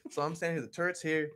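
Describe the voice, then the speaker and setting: A young adult man hosting a podcast, telling a crude story with animated, profane energy and frequent laughter. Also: on the high side, slight background noise. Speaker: podcast host. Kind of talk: casual storytelling.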